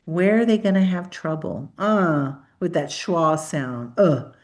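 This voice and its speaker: A woman's voice: low-pitched, expressive, slow, darkish tone. A middle-aged woman whose first language is Spanish gives a conference presentation, demonstrating speech sounds aloud and coaxing listeners to repeat them. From Spanish-speaking.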